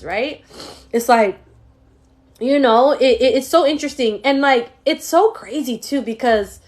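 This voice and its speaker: A woman with a slightly high voice gives a psychic reading on a live stream, talking into her phone. She speaks in a casual, slangy way, swears freely and addresses the viewer directly. She is open about her feelings as she reads. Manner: emotional, laughs often while reading. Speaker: psychic medium.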